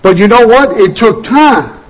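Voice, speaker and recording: A man preaching a sermon, exhorting his listeners with repeated phrases and dropping slower and quieter on key points. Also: sits high, lively intonation, low-quality recording. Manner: earnest exhortation with repeated "you've got to" phrases.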